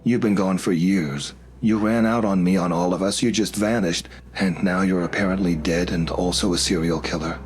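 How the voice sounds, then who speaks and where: A man's voice: deep voice, fairly even intonation, normal speed, few pauses, slight background noise, close to an everyday voice. A man voicing an anxious, bewildered young man who stammers in disbelief. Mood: distressed. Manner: stammering, incredulous.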